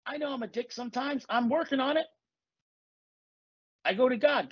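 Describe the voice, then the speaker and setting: A man's voice: very high voice, a little fast, pauses often, breathy edge, no echo, highs cut off. A man hosting a podcast, talking casually and bluntly with lots of swearing, as a life coach. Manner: blunt, profane, confessional. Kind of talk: casual chat.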